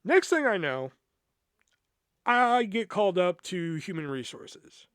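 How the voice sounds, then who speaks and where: A man's voice: high voice, slow, clean tone, no room sound, clean studio sound. A man hosting a podcast, telling a personal story in a casual, profane, rambling way. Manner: profane, rambling, animated retelling. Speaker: podcast host.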